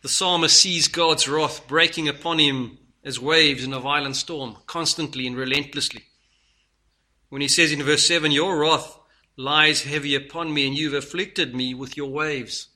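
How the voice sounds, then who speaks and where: A man preaching a sermon, earnest, moving between loud stresses and hushed lines. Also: a little high, steady tone, normal speed.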